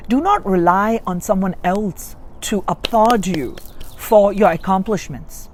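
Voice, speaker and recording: A woman's voice: mid-range voice, expressive, measured pace, darkish tone. A woman giving a spiritual reading, coaching listeners earnestly and repeating key points. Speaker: spiritual reader. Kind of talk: guided self-help reading.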